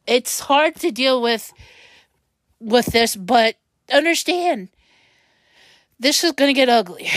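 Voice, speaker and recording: A woman hosting her own podcast, upset and near tears, rambling and tripping over her words. Her voice sits a little high and she speaks slowly and haltingly. The sound is close and dry. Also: no echo. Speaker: podcast host. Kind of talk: personal monologue podcast.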